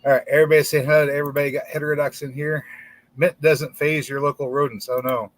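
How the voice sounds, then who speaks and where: A man's voice: on the high side, flat delivery, no echo. Rambling man hosting a livestream. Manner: rambling, with many halting repeated words. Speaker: channel host. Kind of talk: casual livestream talk. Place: indoor room in front of a green screen.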